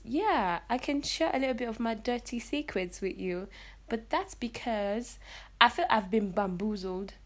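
A woman's voice: on the high side, a bit bright. A young woman hosts a casual solo podcast, chatty and blunt, restarting her sentences often. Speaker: podcast host.

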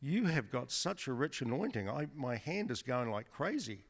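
Man guest preacher, mid pitch, conversational and wry, long hall reverb. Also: sing-song, moderate pace, hardly any pauses. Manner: chatty, joking, with many restarts. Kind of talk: storytelling sermon testimony. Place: church service before a congregation.

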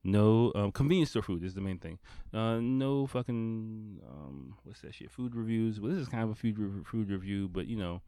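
A man's voice: on the low side, lively intonation, moderate pace, dark tone, no echo, studio quality. Rambling, profane man in his thirties. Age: 30s. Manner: rambling and profane, with frequent laughs and fillers. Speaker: vlogger. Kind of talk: casual storytelling.

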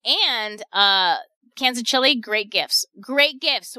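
A woman's voice: sits high, expressive, a little slow, pushed and bright, dry recording. A woman hosting a local radio shopping show, chatting casually and repeating deals and prices in an upbeat sales patter.

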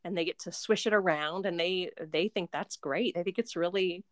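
A woman's voice: on the low side, moderate pace, dry recording. Young woman, mother as interview guest, chatty and rambling, dry close-miked sound. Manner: chatty, rambling, frequent fillers and restarts. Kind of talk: casual interview chat.

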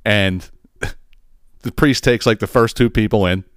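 A man's voice: on the low side, takes it slowly, clear, resonant tone, dry recording, clean studio sound. A man hosting a podcast, telling a joke in a rambling, profane, laughing way. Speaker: podcast host. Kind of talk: casual comedic storytelling.

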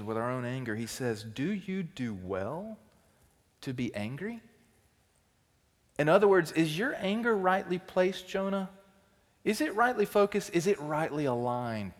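Man preaching in a reverberant hall. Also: a little high. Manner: swings from loud emphatic outbursts to quiet intensity. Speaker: teaching pastor. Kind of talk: sermon.

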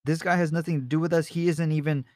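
A man's voice: a little high, fast, no echo, studio quality, pitched above the performer's own voice, natural voice. A man voicing a young shepherd full of bold faith, exclaiming in shocked disbelief. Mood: defiant. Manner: excited, incredulous exclaiming.

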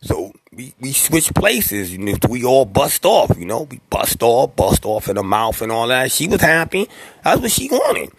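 A man's voice: mid-range voice, huge pitch swings, normal speed, breathy edge, no room sound. A man, a rapper, casually telling a slangy, profane story from his life and acting out the voices of the people in it. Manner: slangy, profane, streetwise delivery; acts out quoted voices.

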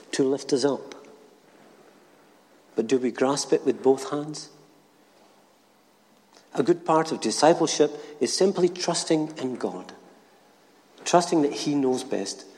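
An older minister gives a short talk in a church, first telling a joke story and then drawing a gentle lesson. His mid-pitched voice rings out with a long reverb in the church. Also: gravelly. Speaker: retired minister.

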